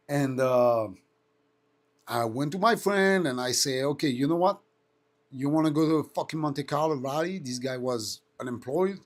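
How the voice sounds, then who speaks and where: On a relaxed live stream, a host in his thirties with a French accent tells stories, swearing freely and imitating engines. His voice is pitched in the medium range.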